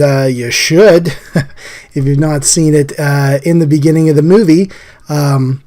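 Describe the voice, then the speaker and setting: Male host, slightly high, scratchy and hoarse; easygoing chat while drawing. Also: darkish tone. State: hoarse from recent illness.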